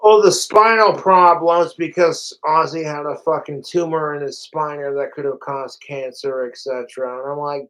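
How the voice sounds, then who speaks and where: A man's voice: on the high side, fairly even intonation, moderate pace, few pauses, a bit bright, poor audio. A man livestreaming, rambling profanely and animatedly straight to his viewers in casual chat. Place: home, overnight livestream.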